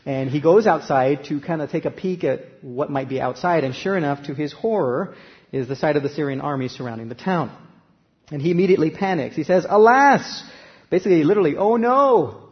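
A man preaching a sermon in a conversational way, growing louder when he reads scripture aloud. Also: fairly high pitch, brisk, long reverb tail, lo-fi sound. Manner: conversational preaching, rising loud for scripture quotes. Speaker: pastor.

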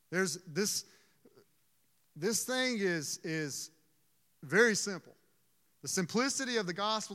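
A man's voice: on the high side, bright, forceful tone. Emotional man preaching in a reverberant hall. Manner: earnest, emotional, halting restarts. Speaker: pastor. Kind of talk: sermon.

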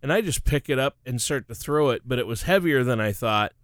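A man's voice: medium pitch, lively intonation, brisk, no room sound, studio quality. A middle-aged man co-hosting a finance talk show, telling stories in a chatty way and laughing often. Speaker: radio show co-host. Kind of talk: casual chat.

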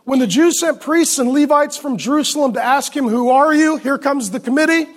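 High-voiced man preaching a joking sermon. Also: a little fast. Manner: animated, joking preaching with asides to the congregation. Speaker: pastor.

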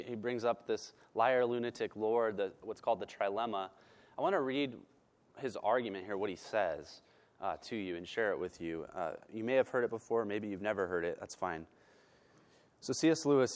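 Emphatic male pastor preaching. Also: fairly low pitch. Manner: emphatic preaching, repeats words for stress; soft, slow prayer voice. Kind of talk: sermon.

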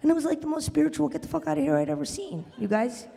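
A woman works a live crowd in a stand-up comedy set. Her delivery is animated, and she breaks into loud shouted bits for the punchlines. The sound is roomy, with a long reverb trailing behind her in the venue. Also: high-pitched, racing, vocal fry.

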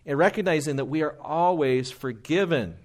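A man's voice: on the high side, normal speed. A man preaching a sermon in an earnest, conversational way, often quoting hymns and older writers. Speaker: pastor.

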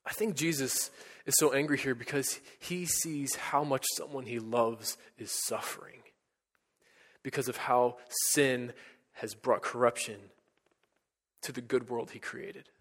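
Male pastor, mid-pitch, earnest sermon delivery, long church reverb. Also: unhurried, slightly rough. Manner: earnest, rising to emphatic peaks then dropping to hushed lines.

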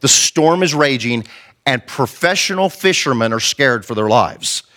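A man's voice: mid-range voice, expressive, a little slow, bright, forceful tone. A male pastor preaching an impassioned, conversational sermon and acting out the quotes he tells.

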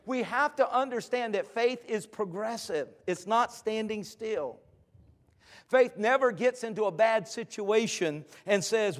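Man, high-pitched voice, passionate sermon, shouting bursts, church congregation. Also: measured pace. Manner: impassioned, shouting in bursts, repetitive exhortations. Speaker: preacher.

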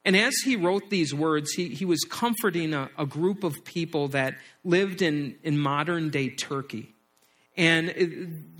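Middle-aged pastor, slightly high voice. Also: male voice, fairly bright tone. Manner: storytelling, repeats words as he speaks. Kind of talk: sermon.

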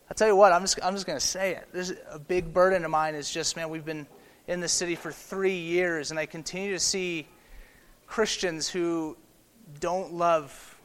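A man in his thirties, a pastor giving a sermon in a casual, animated way, often checking in with "okay?" and "right?". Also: on the high side, clean tone, big-room sound. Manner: conversational, animated, tag questions like "okay?" and "right?".

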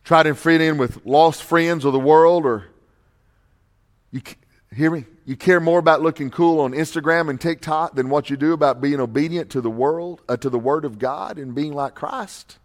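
Brief: a male pastor preaching with passion, high voice, loud then soft. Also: normal speed. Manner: impassioned preaching, swings from loud emphatic to hushed. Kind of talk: sermon.

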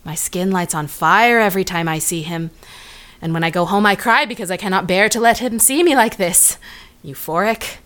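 A woman's voice: medium pitch, moderate pace, fairly bright tone, natural voice. A woman playing the dramatic, emotional side of a young woman's mind in a comedy sketch, talking in a breathless, swooning way. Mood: earnest.

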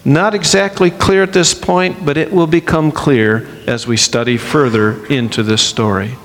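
Male preacher, slightly high voice, unhurried and emphatic, sermon in a reverberant hall. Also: steady tone. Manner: slow, emphatic delivery with acted-out quotes.

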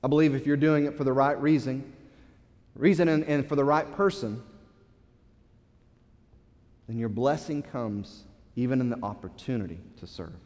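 A man's voice: mid-range voice, moderate pace, long pauses, darkish tone, long reverb tail. A man preaching a sermon as pastor, passionate, stressing key words and often repeating himself. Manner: impassioned preaching with swells of emphasis and repeated words.

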